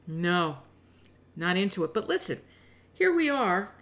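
A woman's voice: fairly low pitch, unhurried. Emphatic middle-aged woman commentator. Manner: animated, emphatic, sarcastic asides. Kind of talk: opinionated solo commentary.

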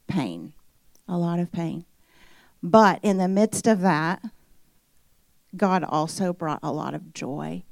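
A woman in her thirties gives a personal testimony to a church parenting class. Her voice sits a little low, and she talks in an earnest, heartfelt way, full of pauses and fillers. The sound is dry, with little room echo.

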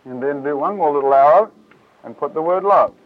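Man preacher, high voice, animated and folksy; tinny lo-fi tape sound. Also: fairly quick, dry recording. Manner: lively, casual, acts out scripture voices. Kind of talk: Bible teaching talk.

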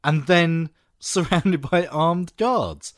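A man in casual film chat, chatty and quick to laugh, often trailing off mid-sentence. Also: fairly high pitch, no room sound, clean studio sound. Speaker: podcast co-host.

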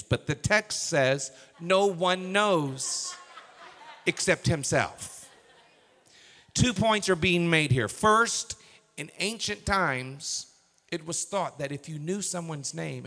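A male pastor preaching a sermon, swinging from hushed whispers to loud, emphatic bursts. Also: on the high side. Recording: reverberant hall.

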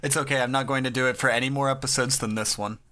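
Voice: mid-range voice, fairly even intonation, quick pace, noisy background. A podcast co-host in casual chat, playful and reading out titles with mock ceremony.

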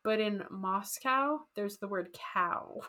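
A woman casually telling a history story on a podcast, animated and jokey, acting out quotes. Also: mid-range voice, takes it slowly. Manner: animated, jokey, acts out quotes in goofy voices. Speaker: podcast co-host.

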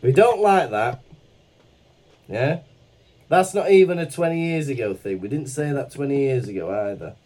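A man's voice: medium pitch, expressive, normal speed, long pauses, dark tone. A man co-hosting a podcast in casual chat, playful and teasing, laughing often. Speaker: podcast co-host.

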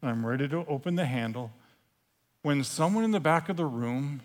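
A man preaching a sermon as a dramatic story, swinging from hushed confession to loud outbursts. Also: on the high side, animated, moderate pace.

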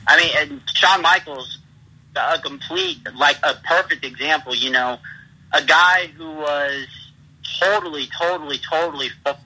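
A man with a very bright, husky voice rambles through his road stories and laughs as he talks. It sounds like a phone line. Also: fairly high pitch. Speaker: pro wrestler, interview guest. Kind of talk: casual interview talk.

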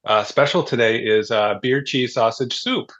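A man's voice: mid-range voice, normal speed, fairly bright tone, no echo, dull audio, lightly acted. A man voicing a cheerful woman waitress announcing the daily special. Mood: chirpy. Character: chirpy midwestern waitress, woman, adult.

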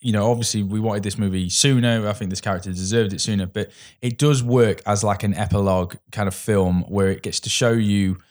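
Male podcast co-host, low voice, loose rambling film chat. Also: fairly even intonation, brisk, hardly any pauses, a little mellow. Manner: rambling, many restarts and fillers.

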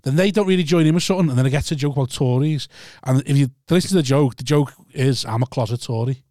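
A man's voice: mid-range voice, fast talker, mellow, no echo, studio quality. A man, a stand-up comedian, teasing his co-host and telling rambling anecdotes in casual podcast chat.

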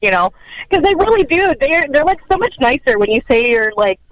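A woman's voice: high voice, sing-song, a little fast, dry recording, poor audio. A woman calling in to a podcast, friendly and giggly in casual chat. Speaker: caller.

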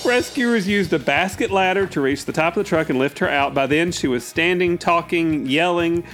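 A man's voice: fairly high pitch, normal speed, a bit bright, faint music behind. A man co-hosting a comedy podcast in a prissy, mannered way, calling others "dear" as he reads odd news stories. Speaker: co-host.

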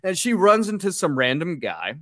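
A man's voice: high-pitched, normal speed, no echo, studio quality. A man hosting a podcast, recapping a horror film with sarcastic, profane asides. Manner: sarcastic, profane, animated quoting. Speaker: podcast host.

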